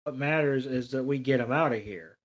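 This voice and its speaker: A man's voice: mid-range voice, brisk, poor audio. A man co-hosting a podcast, recapping a cartoon episode in crude, sarcastic casual chat. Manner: crude, profane, sarcastic retelling. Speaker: podcast co-host.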